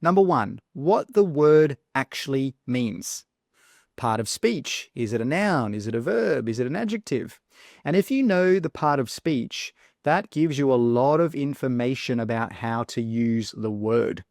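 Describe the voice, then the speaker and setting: A man teaching an English exam lesson, clearly explaining points and slowly modelling word pronunciation. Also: mid-range voice, darkish tone, dry recording, clean studio sound. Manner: clear, instructive, stresses words slowly when modelling pronunciation. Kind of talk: video lesson.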